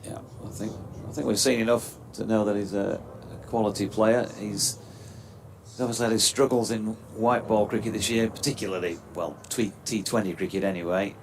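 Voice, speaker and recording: A man giving relaxed, chatty live cricket commentary with dry quips. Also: lowish voice, brisk, vocal fry, a little hiss or hum.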